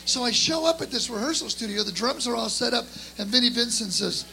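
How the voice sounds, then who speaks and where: A middle-aged man and drummer telling an animated story to a live audience, acting out the voices of the people in it. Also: extremely high pitch, fairly quick, gravelly, few pauses, a little hiss or hum, low-quality recording. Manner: lively, acts out the voices in his story. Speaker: guest drummer.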